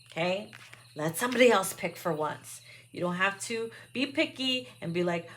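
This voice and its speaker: A woman's voice: medium pitch, lively intonation, moderate pace. A woman doing a casual tarot card reading, blunt and profane, laughing often. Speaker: tarot reader.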